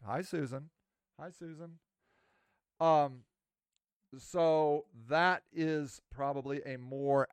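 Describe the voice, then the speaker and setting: A man's voice: on the high side, smooth, dry recording, clean studio sound. A man hosting a podcast, talking in a casual, rambling, self-mocking monologue. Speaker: podcast host.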